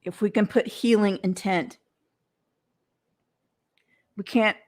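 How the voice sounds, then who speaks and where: Mujer que habla despacio y con convicción. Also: female voice, mid-range voice, steady tone, slow. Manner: earnest, repeats words, many fillers and restarts. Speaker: podcast host and coach. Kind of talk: unscripted motivational monologue.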